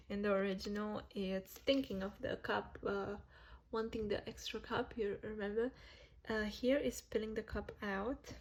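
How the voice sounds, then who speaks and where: A woman's voice: mid-range voice, darkish tone. A woman giving a casual tarot reading to viewers, chatty, laughing often and correcting herself as she goes. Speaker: tarot reader.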